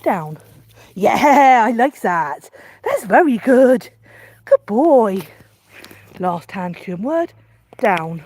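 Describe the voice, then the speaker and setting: Female dog trainer, husky and mellow, talking viewers through a live session between bursts of excited praise for the dog. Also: drawn-out words, long pauses, dry recording. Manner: alternates calm explanation with high, gushing praise to her dog.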